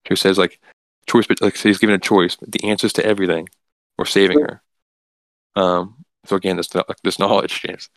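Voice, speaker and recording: A man with a very low, gravelly voice casually recaps a comic book story. He rambles, filling gaps with "like" and restarting his sentences. The sound is dry and close. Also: little pitch movement, brisk, dry recording.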